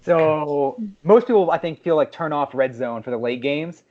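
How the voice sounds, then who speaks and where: A man's voice: a little high, moderate pace, dull audio. A man co-hosting a podcast in casual chat, acting out quoted reactions as he talks. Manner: animated, acts out quoted reactions. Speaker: podcast co-host.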